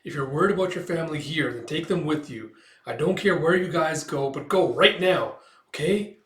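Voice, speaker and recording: A man's voice: a little high, moderate pace, a bit bright, close to an everyday voice. A man voicing an anxious young man who pleads and warns urgently. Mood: earnest. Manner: pleading, insistent. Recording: roomy echo.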